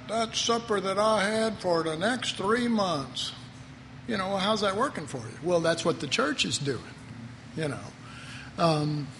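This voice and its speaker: Animated high-voiced male preacher. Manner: animated, acts out quotes with humor. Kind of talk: informal Bible teaching. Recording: reverberant hall, faint noise.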